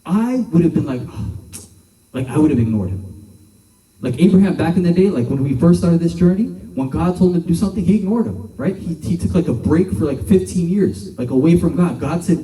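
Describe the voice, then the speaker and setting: A man's voice: on the high side, expressive, fairly quick, warm tone. Young man preaching casually in an echoey hall. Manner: conversational, filler-heavy with many "like"s, acts out quoted voices. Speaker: youth group preacher. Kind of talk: casual sermon to a youth group. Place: church hall. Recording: echoey room from a distance.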